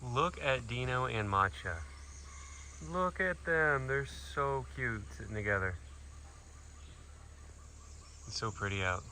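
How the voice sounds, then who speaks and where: A man hosting a casual outdoor vlog at an animal sanctuary, chatty and relaxed as he explains what he is doing. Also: medium pitch, unhurried, background noise. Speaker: sanctuary keeper and vlog host.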